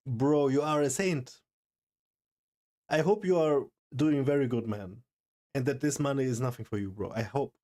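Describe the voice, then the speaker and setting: A young man streaming live, overwhelmed and excited, talking in loose slang and swearing. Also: medium pitch, normal speed. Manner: excited, stunned, swearing, calls everyone bro. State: overwhelmed, shaking. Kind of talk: live stream reaction chat.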